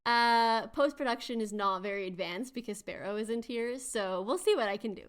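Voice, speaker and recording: Woman host retelling old myths, chatty and bubbly, voice a bit on the high side. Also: moderate pace, clear, resonant tone. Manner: chatty and animated, with quiz-like asides. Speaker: podcast host. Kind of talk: casual chat retelling myths.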